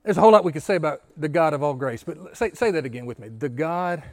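A man's voice: fairly high pitch, expressive, fast talker. A male pastor giving an interactive sermon, often asking the congregation questions, repeating key phrases and stammering through restarts.

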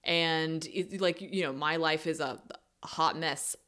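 A woman co-hosting a casual podcast chat, playful and giggly, with quick joking asides. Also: deep voice, pushed and bright. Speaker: podcast co-host.

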